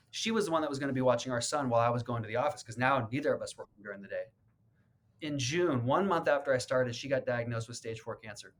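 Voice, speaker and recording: A man in an interview telling his own story in an earnest, heartfelt way. His voice sits at a middle pitch. He stumbles and repeats words when the story gets emotional. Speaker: real estate agent. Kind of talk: personal storytelling in a sit-down interview.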